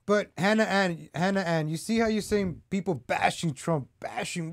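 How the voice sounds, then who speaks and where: A man's voice: high voice, moderate pace, vocal fry, no echo, clean studio sound. A man hosting his own political commentary vlog, talking straight to his viewers in a heated, repetitive rant. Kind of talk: ranting opinion vlog.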